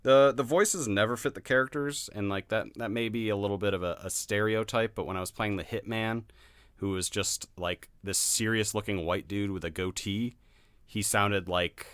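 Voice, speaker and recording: Man, podcast co-host, low pitch, smooth, dry sound, blunt. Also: fairly even intonation, moderate pace, a bit bright, dry recording. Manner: blunt, laughs often. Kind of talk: casual chat.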